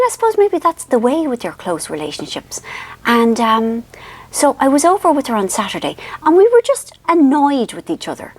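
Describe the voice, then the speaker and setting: A woman in her fifties with an Irish accent, telling a rambling, self-mocking family story for her vlog, full of ums. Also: medium pitch. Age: 50s. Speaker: author and vlogger.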